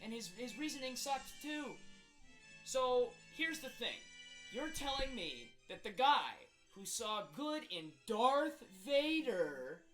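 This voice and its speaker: A man's voice: very high voice, a bit bright, full character voice, poor audio. A man playing an exaggerated angry version of himself in a comedic rant, exasperated and full of rhetorical questions. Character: hot-tempered young man, exaggerated angry self. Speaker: video creator.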